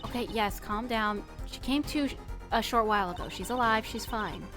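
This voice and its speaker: A woman's voice: on the high side, normal speed, fairly bright tone, faint music behind, lightly acted. A woman voicing a brusque, sarcastic young female detective in a fan game dub.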